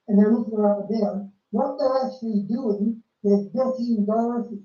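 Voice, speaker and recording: Speaking at a moderate pace with hardly any pauses, this man's mellow, high-sitting voice keeps a fairly even intonation. He preaches casually and emphatically about a film, repeating and restarting phrases, captured dull, lo-fi, and roomy by a distant mic.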